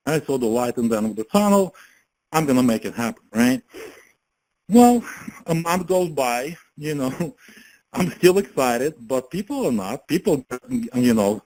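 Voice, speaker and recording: A man's voice: medium pitch, darkish tone, poor audio. Chatty man. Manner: chatty, laughs often, many fillers and restarts. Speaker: network marketing speaker. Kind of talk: casual motivational talk on a call.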